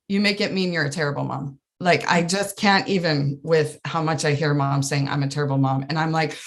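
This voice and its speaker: A woman life coach, a guest on a podcast, explaining her ideas in an earnest, animated way and laughing often. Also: on the low side. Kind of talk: casual interview chat.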